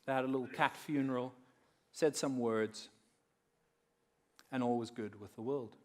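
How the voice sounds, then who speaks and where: A man giving a conference talk on faith, telling stories in a measured way and dropping quiet for effect. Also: mid-range voice, fairly even intonation. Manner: measured storyteller who drops quiet and slows for effect. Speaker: conference speaker. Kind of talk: talk on faith woven with storytelling.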